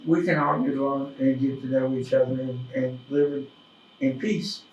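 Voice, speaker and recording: A man hosting a casual interview, folksy and self-deprecating, a little hoarse from a cough. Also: mid-range voice, level tone, normal speed, dull audio. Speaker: host. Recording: echoey room, mic at a distance.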